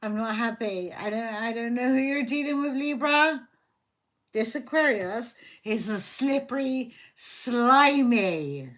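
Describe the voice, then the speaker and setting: A woman's voice: a little high, takes it slowly, a bit bright. A woman giving a live tarot reading, heated and fiercely protective of her viewer, swearing constantly. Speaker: tarot reader.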